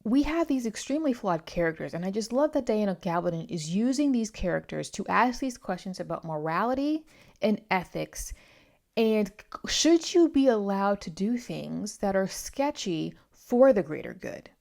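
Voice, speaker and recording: A woman's voice: medium pitch, very animated, normal speed, gravelly, a little mellow. A young woman reviewing a novel in a casual, chatty vlog, with many asides and self-corrections. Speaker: book reviewer.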